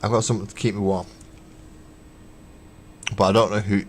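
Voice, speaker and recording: A man's voice: on the low side, flat delivery, moderate pace, a little hiss or hum. A man chatting casually on a live stream while building miniatures, counting parts aloud, mocking himself and swearing offhandedly. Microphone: webcam stream.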